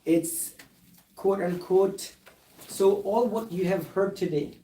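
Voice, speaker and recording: A man's voice: high voice, takes it slowly, mellow. Man, plastic surgeon, emphatic, reads out paperwork, echoey room, far from mic. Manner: earnest, emphatic, reads documents aloud. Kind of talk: recorded live patient discussion.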